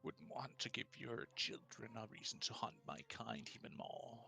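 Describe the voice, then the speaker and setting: A man voicing a menacing clawed monster in a hushed, threatening whisper, as whispered role-play in a tabletop game. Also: mid-range voice, expressive, normal speed, vocal fry, exaggerated voice.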